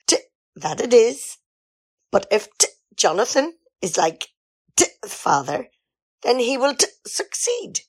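A woman's voice: medium pitch, expressive, unhurried, gravelly. A woman in an amateur radio comedy sketch, playing a grand diva singer who talks in a theatrical, self-important way. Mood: stilted.

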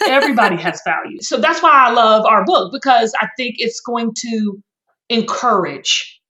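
A woman's voice: on the high side, lively intonation, moderate pace, pushed and bright. A woman guest on a podcast, speaking earnestly and emotionally in a folksy, heartfelt way. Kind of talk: heartfelt conversational interview. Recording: echoey room, dull lo-fi sound.

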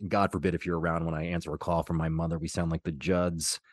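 A podcast host in his forties tells his story in a very deep voice with a faded Kentucky accent. He talks in a personal, confessional way. The dry, close sound has no room echo. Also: level tone, quick pace. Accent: faded Kentucky Southern. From Louisville, Kentucky. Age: 40s. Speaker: host and journalist. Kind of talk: scripted podcast narration.

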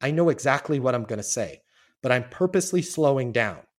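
A man's voice: mid-range voice, expressive, brisk. A man talking as a sales trainer on a podcast, emphatic and casual, acting out sales calls and swearing now and then. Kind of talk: energetic podcast coaching.

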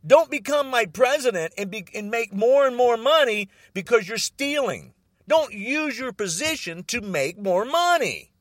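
A man's voice: very high voice, lively intonation, measured pace, fairly bright tone, dry recording, clean studio sound. An older man in an angry, agitated political rant, repeating himself and stumbling over restarts.

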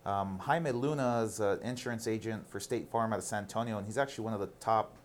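A man's voice: fairly low pitch, quick pace, a little hiss or hum. A man in his thirties, a guest on a casual interview, telling stories candidly and animatedly, with some casual swearing.

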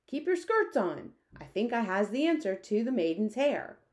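A woman's voice: a little high, moderate pace, voice pushed up. A woman voicing a big friendly male giant who mangles his words, eager and muddled. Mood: excited. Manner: eager, muddled speech, lively.

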